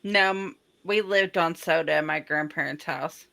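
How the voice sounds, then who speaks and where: A woman originally from the American South talks in a bright, crisp voice that sits fairly low. She chats on a podcast in a plain, matter-of-fact way. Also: normal speed. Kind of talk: casual podcast chat.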